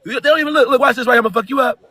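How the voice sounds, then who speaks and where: A man from California ranting loudly over a video call in a rambling, emphatic slang-heavy style. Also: very high-pitched, racing, dry recording. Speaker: caller. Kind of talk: heated rant.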